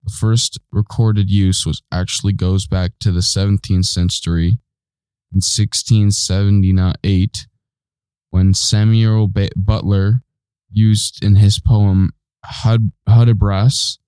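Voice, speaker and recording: Terse, deep-voiced male co-host. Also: flat delivery, slow, warm tone, clear, resonant tone, no room sound. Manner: terse, hesitant replies. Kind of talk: casual studio banter.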